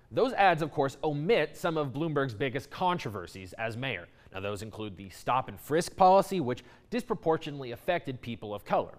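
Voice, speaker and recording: Man reporting with a lively voice. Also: mid-range voice. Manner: clear, measured explainer delivery. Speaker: news reporter. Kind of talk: news report voice-over.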